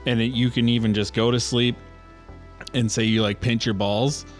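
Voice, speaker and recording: A man's voice: mid-range voice, flat delivery, normal speed, faint music behind. Profane storytelling podcast man. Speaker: podcast co-host. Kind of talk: crude casual chat.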